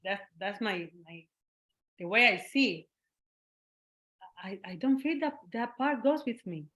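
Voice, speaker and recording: A woman from Cuba with a Cuban Spanish accent, a guest in a casual interview conversation who is animated, laughs often and acts out the voices she quotes. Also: mid-range voice, measured pace. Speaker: guest artist.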